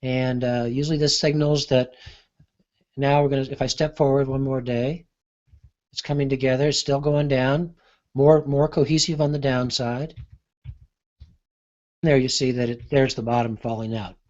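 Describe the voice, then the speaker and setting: Man, mid pitch, unscripted demo, halting and thinking aloud, muffled lo-fi recording. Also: fairly even intonation, darkish tone. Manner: thinking aloud, hesitant with many fillers. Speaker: market analyst demonstrating software. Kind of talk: unscripted screen-share demo.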